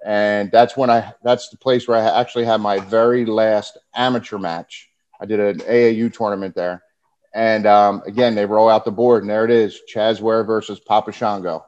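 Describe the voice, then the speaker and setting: A man recounting his wrestling days in an easygoing, animated way, laughing now and then. The audio is dull and slightly muffled, like a lo-fi podcast track. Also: lowish voice, normal speed. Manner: animated, laughs often while telling stories. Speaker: guest, former pro wrestler. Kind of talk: casual storytelling.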